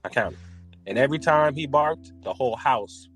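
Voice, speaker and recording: A man co-hosting a casual podcast, telling stories with plenty of energy. His voice sits at a middle pitch but leaps up sharply when he acts out alarm. Faint guitar music plays underneath. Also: moderate pace. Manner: animated storyteller, voice jumps high when reenacting panic. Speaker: podcast co-host. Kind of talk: casual chat.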